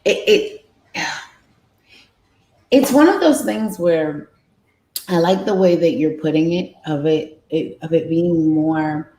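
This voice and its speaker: A woman hosting a live interview, asking questions in a halting way and restarting as she searches for her words. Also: low voice, darkish tone. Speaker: interview host. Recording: echoey room.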